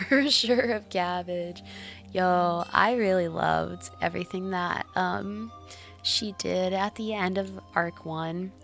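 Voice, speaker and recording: A woman's voice: fairly low pitch, vocal fry, a bit bright. A young woman streaming a video game, chatting casually and giggling with her viewers. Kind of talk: casual live-stream chat while gaming.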